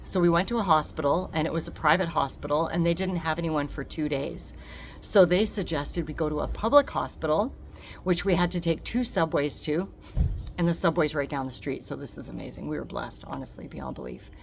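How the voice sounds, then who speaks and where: A woman telling a personal story to camera, animated and emphatic, acting out the dialogue and repeating words for effect. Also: low-pitched, brisk, vocal fry, slight background noise. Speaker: vlogger.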